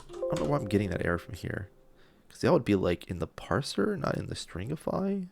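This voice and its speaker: Low gravelly guy thinking out loud while coding on stream, muttering, lively ups and downs, keys clacking behind. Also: brisk, noisy background. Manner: thinking aloud, muttering to himself, drops into whispers; self-deprecating, loopy. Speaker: game developer streaming live coding. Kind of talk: live-stream coding talk.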